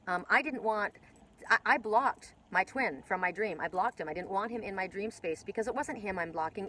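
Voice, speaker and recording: A woman's voice: mid-range voice, a bit bright, rough recording. A woman giving a casual spiritual oracle card reading, rambling with many restarts and casual swearing.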